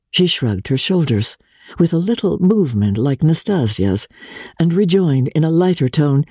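A woman giving a measured, expressive dramatic reading of a classic novel on a close studio mic. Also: deep voice, breathy edge, no echo. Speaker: reader.

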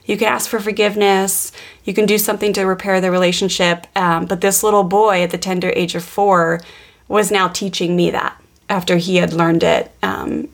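A woman in her thirties co-hosting a parenting podcast, telling family stories earnestly with lively quoted voices. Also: medium pitch, creaky. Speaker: podcast co-host, parenting coach. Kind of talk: casual podcast conversation.

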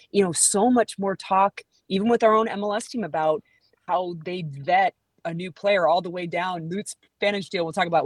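A woman's voice: fairly low pitch, dry recording. A middle-aged woman hosting a podcast, chatting casually in a rambling way with restarts. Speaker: podcast host. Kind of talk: casual chat.

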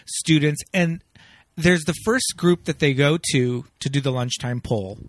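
A man's voice: fairly high pitch, a little slow, no room sound. Chatty, laughing male podcast host. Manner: chatty, laughs often, frequent fillers. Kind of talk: casual chat.

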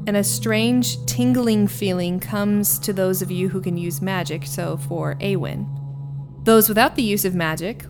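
A woman narrating a tabletop game as game master, with vivid, descriptive storytelling. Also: medium pitch.

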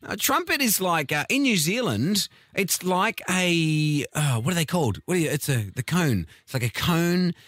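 A man's voice: a little high, expressive, normal speed, few pauses, a bit bright, dry recording. A man co-hosting a breakfast radio show, teasing and laughing as he tells stories. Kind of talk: casual radio banter.

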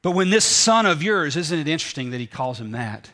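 A man preaching a sermon in a folksy way, acting out the story's voices and dropping from loud to near whispers. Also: mid-range voice, lively intonation, brisk, hardly any pauses. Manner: folksy, acts out the parable's voices, swings from loud to hushed. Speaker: pastor.

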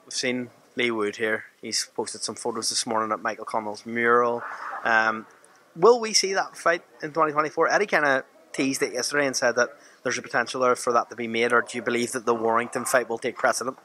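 A man's voice: medium pitch, fairly even intonation, a little fast, bright, forceful tone, a little hiss or hum. A man interviewing a guest in an upbeat, joking way. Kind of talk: casual sports interview.

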